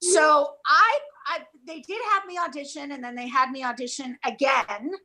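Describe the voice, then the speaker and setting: High bright woman telling stories on a zoom call, lively. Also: normal speed, low-quality recording. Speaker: cast member at a reunion. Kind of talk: casual video call chat. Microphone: video call.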